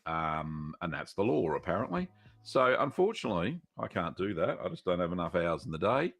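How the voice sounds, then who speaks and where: Greeting viewers by name and leaning on lots of fillers, a middle-aged Australian man casually runs a live Q&A stream about cheese-making. He sits low in pitch but sounds very animated and fairly bright, a little fast, with vocal fry.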